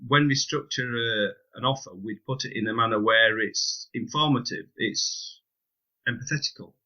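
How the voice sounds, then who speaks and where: A man talks through business ideas in a relaxed podcast chat, his voice bright and forceful. He explains things with lively asides and a touch of humour. The recording sounds a little dull and lo-fi. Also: medium pitch, normal speed. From United Kingdom. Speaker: podcast co-host.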